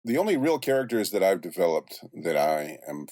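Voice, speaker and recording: A very deep male voice in a relaxed, rambling interview, full of restarts and side remarks. He sounds middle-aged and is recorded dry and close, with no room sound around him. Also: a little fast, no echo. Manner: relaxed storyteller, many restarts and asides. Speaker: voice actor and music producer guest. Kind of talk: casual interview chat.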